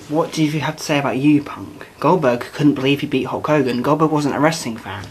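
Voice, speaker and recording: A man's voice: mid-range voice, brisk, few pauses, slight background noise, rough recording. A man chatting bluntly and sarcastically about wrestling, swearing freely. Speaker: wrestling podcast co-host. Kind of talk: casual chat.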